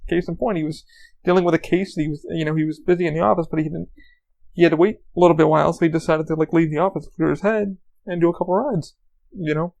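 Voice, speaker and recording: A man's voice: on the high side, fairly even intonation, quick pace, creaky, a little mellow. A man hosting a podcast, telling rambling, profane anecdotes in a casual monologue. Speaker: podcast host.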